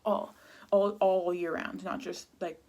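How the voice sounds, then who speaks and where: Sad, halting Canadian woman in her thirties. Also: lowish voice, little pitch movement, a little mellow, highs cut off. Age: 30s. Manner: candid, halting, many restarts and fillers. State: sad, near tears. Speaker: vlogger. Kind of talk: personal confessional vlog.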